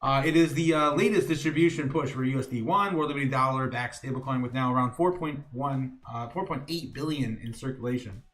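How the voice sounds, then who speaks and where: A man's voice: medium pitch, brisk, hardly any pauses, a bit bright, soft background music. A male host giving loose, chatty market-news commentary on a live stream, reading from chat with many fillers and chuckling asides. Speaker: crypto show host.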